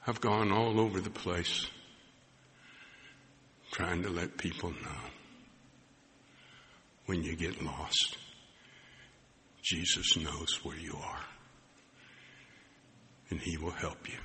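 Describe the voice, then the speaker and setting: A male pastor preaches, telling a story and acting out its conversations, sometimes sinking to a hushed near-whisper. His voice is low in pitch with a very bright, forceful edge. The sound carries a long hall reverb over faint background noise. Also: slow, long pauses. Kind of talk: sermon.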